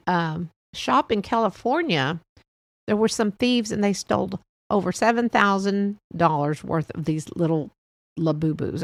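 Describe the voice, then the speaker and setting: A middle-aged woman hosting a casual solo podcast, talking in a loose, rambling way and breaking into laughs between thoughts. Her voice sits at an ordinary middle pitch. The sound is dry and close, with no room echo. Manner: chatty, rambling, laughs often. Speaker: podcast host.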